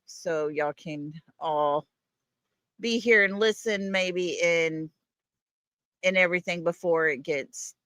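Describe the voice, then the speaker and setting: A woman's voice: fairly low pitch, fairly bright tone, no room sound, clean studio sound. A woman hosting a livestream, greeting viewers one by one in a folksy way. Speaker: livestream host. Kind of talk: casual livestream chat.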